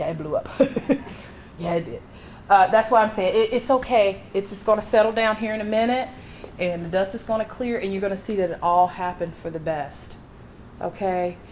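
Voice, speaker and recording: A woman works as a medium, giving a live reading at an expo with a handheld mic. She sounds reassuring and emphatic and punctuates her talk with breathy exclamations. The faint hum of the hall sits behind her at a middling pitch. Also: moderate pace, a little mellow.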